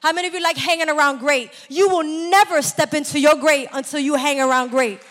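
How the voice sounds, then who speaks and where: A woman preacher delivering a sermon, calling for amens and building to shouted exhortations. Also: high-pitched, fairly even intonation, fairly quick, big-room sound. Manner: call-and-response, rising to shouts.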